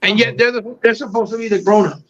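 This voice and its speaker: A man's voice: high-pitched, fairly even intonation, fast talker, dull audio, a crowd in the background. A man co-hosting a podcast, ranting heatedly with a lot of profanity in casual talk. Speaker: podcast co-host.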